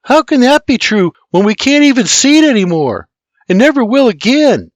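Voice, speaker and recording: A man voicing a complaining child in an audiobook, raising his voice high and loud. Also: very animated, moderate pace, no echo. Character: Irish boy or girl, child, plaintive.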